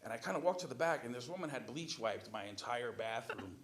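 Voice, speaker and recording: A man's voice: mid-range voice, brisk, fairly bright tone. A man applying for a council seat, answering interview questions in a council chamber with chatty, rambling storytelling. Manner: chatty storytelling, restarts and fillers. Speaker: city council applicant.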